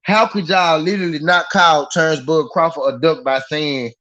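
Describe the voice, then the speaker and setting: A man rants on a boxing talk stream, swearing freely and hammering the same point again and again. His voice sits a little high, and the live-stream audio comes through dull and lo-fi. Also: normal speed. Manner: animated, profane, repeats himself for emphasis. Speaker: boxing podcast host. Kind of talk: heated live-stream rant. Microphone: live-stream mic.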